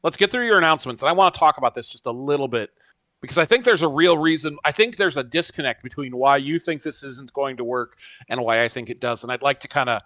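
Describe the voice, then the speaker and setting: Fast, bright-voiced male co-host. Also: medium pitch, expressive, no echo. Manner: dry wit, argumentative. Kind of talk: casual chat.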